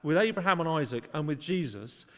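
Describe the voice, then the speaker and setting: Expressive male preacher in a reverberant church. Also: fairly high pitch, a little fast. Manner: earnest, conversational, acts out voices for emphasis. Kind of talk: sermon.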